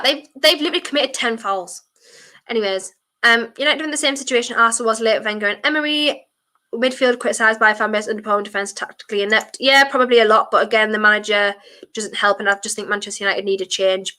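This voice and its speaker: A woman streaming a football watchalong, chatting her opinions and breaking into shouts at fouls. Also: mid-range voice, fairly quick. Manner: passionate, blunt, chatty opinions. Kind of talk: live match commentary and fan chat.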